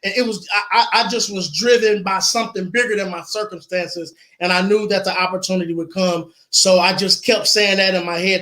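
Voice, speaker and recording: A man's voice: high-pitched, fairly even intonation, moderate pace, sharp tone. A man speaking as an interview guest, telling his own story earnestly and repeating phrases for emphasis. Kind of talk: personal storytelling in an online interview.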